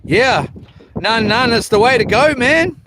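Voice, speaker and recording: A man's voice: very high-pitched, lively intonation, measured pace. A New man live streaming from a small houseboat, chatting in a laid-back, rambling way, greeting viewers by name and swearing casually. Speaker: livestreaming fisherman. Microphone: phone. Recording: noisy outdoor phone live stream.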